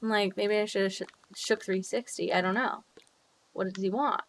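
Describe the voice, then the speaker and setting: Young woman streamer, middle pitch, bubbly and loose-mouthed, chatty game-stream delivery with sudden squeals. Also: steady tone, moderate pace. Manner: bubbly, swears freely, laughs often, big jumps in pitch. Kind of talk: casual livestream chat while gaming.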